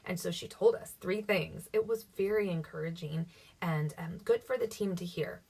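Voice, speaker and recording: Lady with a low husky voice giving upbeat sales coaching, kinda far from the mic. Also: moderate pace, darkish tone. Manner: chatty, upbeat, acts out sample dialogue. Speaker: direct-sales team leader coaching her team. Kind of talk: casual instructional talk. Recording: voice somewhat distant from the mic.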